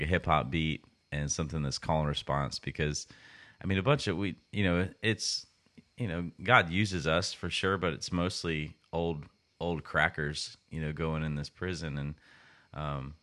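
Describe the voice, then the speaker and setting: Very deep-voiced man, bright tone. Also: steady tone, moderate pace. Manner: rambling, frequent restarts and fillers. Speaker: podcast co-host. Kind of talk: casual podcast chat.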